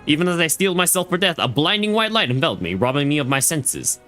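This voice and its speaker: A man's voice: on the high side, sing-song, fast talker, bright, forceful tone, faint music behind. A man reading as a stern war-weary admiral. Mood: solemn. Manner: stumbling over names and lines. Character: stern female fleet admiral recounting war. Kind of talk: reading game dialogue aloud.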